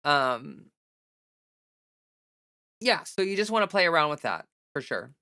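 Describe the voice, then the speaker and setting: Bright-voiced woman streamer giving advice. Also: low voice, big pitch swings, unhurried, dry recording, studio quality. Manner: chatty, candid, advice-giving. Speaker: livestreamer giving voice-training advice. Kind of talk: casual livestream chat.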